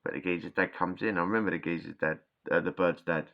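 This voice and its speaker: A man's voice: deep voice, steady tone, fast talker. A man telling prison stories in a rambling, slangy way, often restarting his sentences, with a sore throat. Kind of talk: casual storytelling. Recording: dull lo-fi sound.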